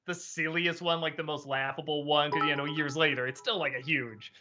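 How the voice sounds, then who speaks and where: A man hosting a casual live-stream Q&A, thinking aloud with many pauses and restarts. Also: a little high, steady tone, pushed and bright. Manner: musing, hesitant, many ums and restarts. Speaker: host.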